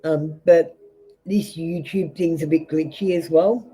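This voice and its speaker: A woman's voice: low-pitched, fairly even intonation, unhurried, warm tone, breathy edge, faint music behind, low-quality recording. An Australian woman giving a live tarot reading to viewers, blunt and rambling, with many fillers and restarts. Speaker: tarot reader.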